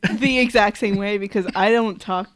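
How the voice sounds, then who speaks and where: Woman, podcast co-host, casual chat, relaxed, laughs along. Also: mid-range voice, normal speed.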